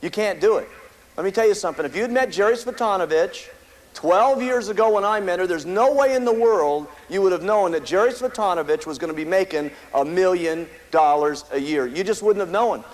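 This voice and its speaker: This is a company founder at a meeting, an American man whose voice sits high and whose delivery is brisk. Telling stories, he gives an emphatic and repetitive motivational talk to the live crowd, captured on a low-quality recording.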